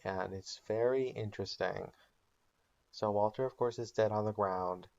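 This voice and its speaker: Low-voiced man, casual recap storytelling. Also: steady tone, moderate pace, vocal fry, darkish tone, lo-fi sound. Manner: casual storytelling with ums and likes. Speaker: channel host. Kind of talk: comedic made-up TV recap narration.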